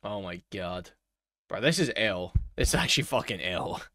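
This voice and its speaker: A man's voice: on the low side, animated, moderate pace, sharp tone, no echo. A man doing mocking reaction commentary, sarcastic and incredulous. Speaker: commentary streamer.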